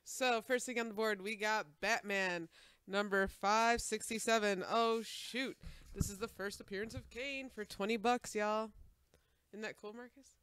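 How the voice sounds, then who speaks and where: A woman with a Chicago accent pitches comics on a live-stream sale. Her voice sits in the middle range. She is loud and playful, and she cracks jokes as she goes. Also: fairly even intonation, unhurried. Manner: loud, playful, joking, laughs easily. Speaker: comic shop co-host. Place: comic book store.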